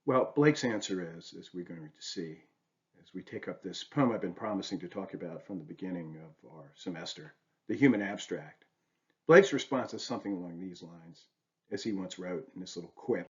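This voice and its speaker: A man's voice: deep voice, moderate pace, lo-fi sound. A man giving a recorded university lecture on poetry, talking it through with many rhetorical questions and "right?" checks. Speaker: literature lecturer.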